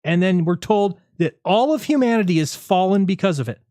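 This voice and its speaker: Fast, sarcastic man ranting on a stream. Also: sits high, animated, warm tone, no echo, clean studio sound. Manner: rapid, argumentative, sarcastic. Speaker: livestream host. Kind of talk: casual livestream monologue.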